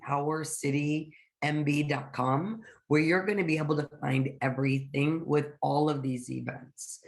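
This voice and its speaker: A woman with a hoarse, raspy voice from the end of a cold, giving an upbeat, chatty webinar presentation over a video call. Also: deep voice. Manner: upbeat, chatty, with frequent ums. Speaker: guest presenter. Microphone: online video call.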